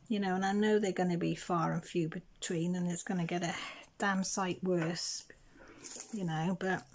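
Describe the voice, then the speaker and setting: A middle-aged woman talking casually over her crafting, her voice sitting a little low. She tells her story in a chatty way, putting on the voices of the people in it. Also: gravelly, a little mellow, a little hiss or hum. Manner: chatty storyteller, acts out others' voices in quotes. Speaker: craft vlogger. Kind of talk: casual chat while crafting.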